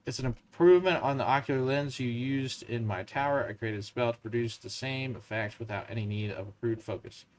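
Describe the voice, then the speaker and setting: A man's voice: medium pitch, brisk, hardly any pauses, close to an everyday voice, poor audio. A man reading a ghost wizard in a Southern US accent. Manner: reads lines aloud, stumbling at times. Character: dead male wizard ghost bound to a soul gem.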